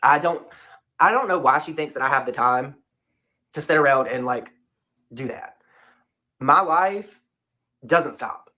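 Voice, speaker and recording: A man's voice: on the high side, expressive, measured pace, pauses often, bright, forceful tone. A man speaking off the cuff as a commentary YouTuber, emphatic and repeating his points. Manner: casual, emphatic, repeats himself.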